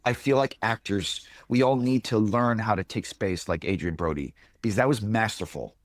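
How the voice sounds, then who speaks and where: A man with a lowish voice co-hosts a casual podcast. He speaks emphatically and slows down to land his points. The sound is dry and close. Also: no room sound. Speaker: podcast co-host.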